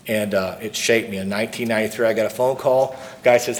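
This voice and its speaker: A man's voice: fairly low pitch, fairly even intonation, fast talker. A middle-aged man from St. Louis, speaking as an AA speaker to a live audience, telling his story earnestly and repeating key lines. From St. Louis, Missouri. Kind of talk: recovery talk to a live audience.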